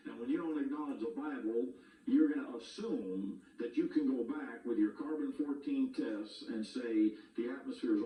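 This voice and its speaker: A man's voice: mid-range voice, roomy sound, distant mic, muffled recording. A male pastor preaching a sermon, telling a long story in a plain, repetitive storytelling manner.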